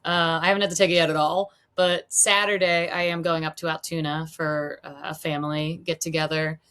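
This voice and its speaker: A woman's voice: sits low, little pitch movement, brisk, fairly bright tone, clean tone. Easygoing woman, casual podcast co-host. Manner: easygoing, agreeable, frequent backchannel "yeah".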